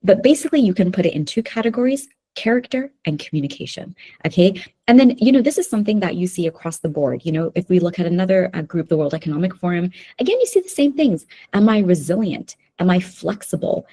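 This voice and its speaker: A woman's voice: on the low side, lively intonation, quick pace, warm tone, husky. A woman presenting a live webinar workshop who keeps checking in with her listeners with "okay?" and "right?". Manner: talks to the audience with frequent "okay?" and "right?" checks. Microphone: video call.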